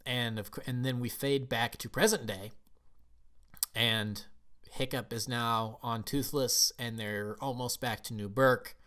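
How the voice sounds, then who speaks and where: A man's voice: medium pitch, fairly even intonation, unhurried, bright, forceful tone. A man reviewing a movie in a casual recap, telling the story in a rambling, enthusiastic way with frequent restarts. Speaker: film reviewer.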